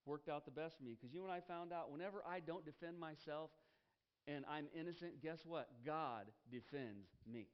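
A man's voice: on the high side, highs cut off. A man preaching a sermon as pastor, emphatic, repeating key phrases and asking the congregation questions. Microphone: headset.

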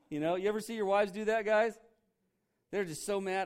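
A man's voice: high voice, moderate pace. A man preaching a sermon as pastor, talking conversationally and acting out quoted voices.

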